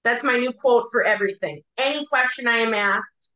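A woman's voice: on the high side, normal speed. A woman chatting and joking as a podcast guest. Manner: joking, animated. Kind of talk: casual podcast chat. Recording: echoey, dull lo-fi room audio.

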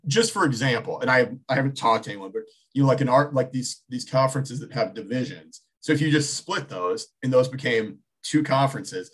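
A man's voice: mid-range voice, brisk, a bit bright, breathy edge. A man in his thirties co-hosting a casual sports talk show, thinking aloud with many restarts.

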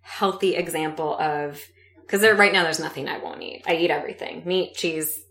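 A woman's voice: on the low side, fast talker, vocal fry, reverberant. A woman in her thirties, chatting as an interview guest and telling stories with acted-out voices. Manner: animated storyteller, acts out quoted voices. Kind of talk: casual interview chat.

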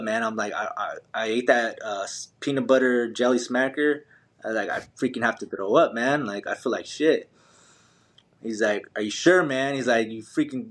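A young man recounts a long race in lively, slangy speech, with plenty of "like" and "man" and frequent restarts. His voice sits at an ordinary middle pitch. He talks as a relaxed podcast guest. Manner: animated, slangy, many fillers and restarts. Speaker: podcast guest, ultramarathon runner. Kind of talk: casual storytelling.

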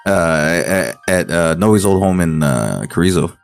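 A man on a podcast telling a story haltingly, breaking into laughter as he goes. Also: sits low, lively intonation, gravelly, a little mellow, faint music behind. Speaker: podcast co-host. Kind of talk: casual storytelling.

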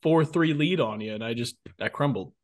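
A man on a podcast, chatting casually with quick, jokey replies. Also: mid-range voice. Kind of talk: casual chat.

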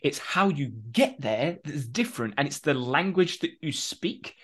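A man co-hosting a podcast, explaining ideas in a casual, animated way with quick asides. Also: on the high side, breathy edge. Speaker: podcast co-host. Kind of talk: casual conversation.

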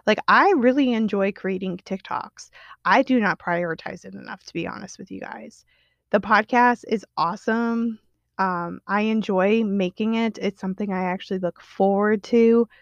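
Young woman podcast host, candid and chatty, gravelly voice, dull dry recording. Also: mid-range voice, dry recording. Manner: candid and chatty, many fillers and quoted self-talk. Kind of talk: casual solo podcast monologue.

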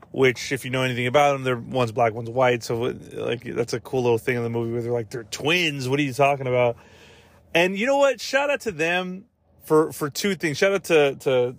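Male podcast host, mid-pitched, loose profane movie chat, dry close mic. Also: no room sound. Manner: rambling, profane, full of fillers and asides. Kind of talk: casual movie-review chat.

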